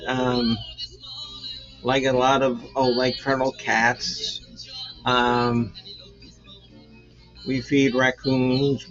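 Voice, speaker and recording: A man's voice: medium pitch, fairly bright tone. A man in his sixties hosting his own show, chatting casually and rambling with lots of fillers and jokes. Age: 60s. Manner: rambling, jokey, full of fillers. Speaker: show host. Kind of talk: casual livestream chat. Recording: lo-fi sound with faint background music.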